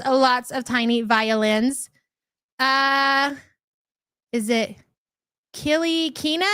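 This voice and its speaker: A woman's voice: high-pitched, a bit bright, no echo. Sarcastic woman hosting a livestream. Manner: sarcastic, scornful, greets chatters by name. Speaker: livestream commentary host. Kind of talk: casual livestream commentary.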